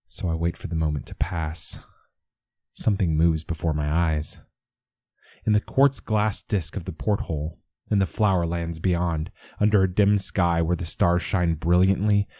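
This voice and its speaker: A man narrating a first-person story in a measured, intense way. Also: sits low, warm tone, dry recording, clean studio sound.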